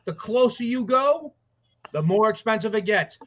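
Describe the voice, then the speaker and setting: A man co-hosting a casual sports podcast, rambling excitedly and swearing as he talks. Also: high voice, normal speed. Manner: excited, profane, rambling with restarts. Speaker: podcast co-host. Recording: dull lo-fi audio.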